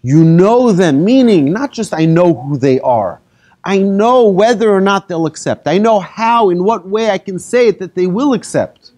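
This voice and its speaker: A rabbi giving a lively talk to an audience, telling made-up stories and asking the listeners questions. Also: male voice, high-pitched, moderate pace. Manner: animated, asks the audience questions, tells hypothetical stories. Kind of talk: lively lecture to a live audience.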